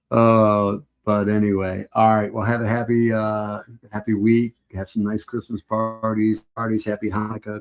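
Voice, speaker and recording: A middle-aged man hosts a casual live stream. His low voice is gravelly and husky, and he rambles along in a heartfelt way, often breaking into laughter. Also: darkish tone.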